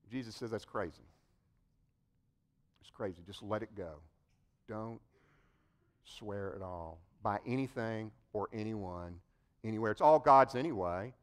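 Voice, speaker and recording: A man preaching a sermon, telling the story in an animated way and addressing his listeners directly. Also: mid-range voice. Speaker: pastor.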